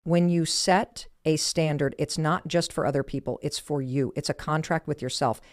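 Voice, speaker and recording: A woman's voice: deep voice, normal speed, dry recording, clean studio sound. A woman delivering a motivational speech in emphatic, punchy short declarations. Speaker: motivational speaker.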